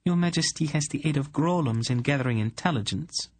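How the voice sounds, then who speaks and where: A man's voice: on the high side, a little fast, dry recording, pitched above the performer's own voice, lightly acted. A man voicing a poised, wary young queen in an audiobook, speaking formally in a raised voice. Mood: polite. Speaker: narrator. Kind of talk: audiobook character voice.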